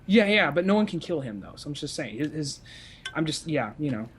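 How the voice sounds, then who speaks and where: Young male podcast co-host, slightly high voice, loose rambling delivery with constant swearing and restarts. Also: sing-song, brisk, a little hiss or hum. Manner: rambling, profane, with frequent fillers and restarts. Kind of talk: casual chat.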